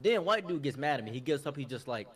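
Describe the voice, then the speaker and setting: A man's voice: medium pitch, sing-song, quick pace. A man telling an anecdote in casual chat, in a laid-back, wry way.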